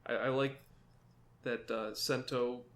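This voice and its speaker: Dude on a podcast, normal pitch, teasing the others, laughs a lot. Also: male voice, fairly even intonation, slow, fairly bright tone. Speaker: podcast co-host. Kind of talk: casual chat.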